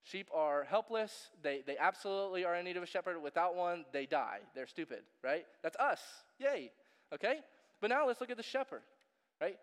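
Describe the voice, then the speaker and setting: High-voiced man preaching casually. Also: expressive, quick pace, a bit bright, big-room sound. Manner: casual, joking preaching with fillers. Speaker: pastor. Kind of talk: sermon.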